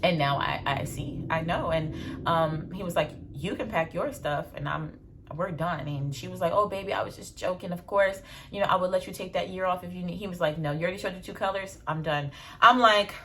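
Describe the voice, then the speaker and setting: A young adult woman, telling stories in a blunt, animated casual vlog with slang and swearing. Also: fairly low pitch, a little fast, a little hiss or hum. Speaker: vlogger.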